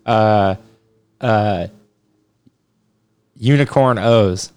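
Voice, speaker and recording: A man with a lowish, slightly mellow voice draws out his words, recorded with a clean tone. He hosts a casual podcast, laid-back and joking loosely as he runs a quiz game.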